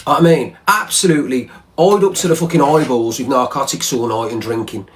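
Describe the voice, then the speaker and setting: A man's voice: mid-range voice, brisk. A man ranting angrily on a livestream, swearing and repeating himself. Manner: heated, profane, repetitive. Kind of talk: angry livestream rant.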